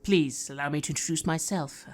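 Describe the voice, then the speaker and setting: A game master voicing a middle-aged tiefling archmage woman who speaks in a measured, courteous and commanding way. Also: medium pitch, soft background music, close to an everyday voice. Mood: formal.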